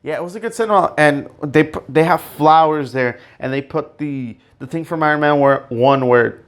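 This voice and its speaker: Guy rambling on his own podcast, excitable, lots of uhs, kinda high voice. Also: moderate pace. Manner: excitable, rambling, full of fillers and restarts, emotional outbursts. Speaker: podcast host. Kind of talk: casual solo podcast rambling.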